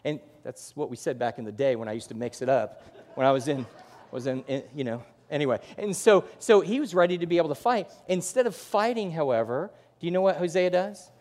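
A man with a fairly high voice preaches a sermon, and his words ring out with a long echo in a big church sanctuary. He delivers it in an animated way and slips into acted voices for the people he quotes. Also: a little fast. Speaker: pastor. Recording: long hall reverb.

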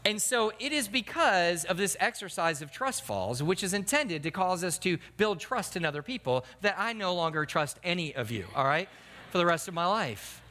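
A man's voice: high-pitched, big pitch swings, moderate pace, bright, forceful tone. A middle-aged man preaching a sermon, telling stories and acting out voices with self-deprecating humor. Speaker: pastor. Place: church sanctuary. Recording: long hall reverb.

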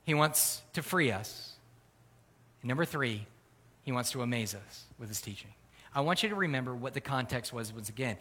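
A man preaching a sermon as pastor, earnest, swelling louder and higher for emphasis. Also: lively intonation, normal speed, slightly rough. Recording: long hall reverb.

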